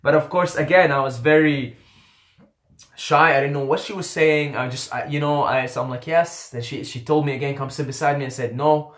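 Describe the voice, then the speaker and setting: A young man from the Middle East, who did not grow up speaking English, tells his own story with animated, self-mocking humor and plenty of swearing. His voice sits at a medium pitch, and the room around him is noticeably echoey. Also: a little fast. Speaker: vlogger. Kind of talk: casual storytelling.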